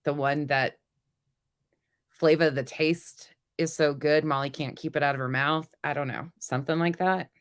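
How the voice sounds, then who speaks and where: A woman hosting a casual commentary stream, blunt and sarcastic, sounding a little sick, with a lower voice than usual. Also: fairly even intonation, moderate pace. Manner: blunt, sarcastic, laughs at her own jokes. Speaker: commentary host.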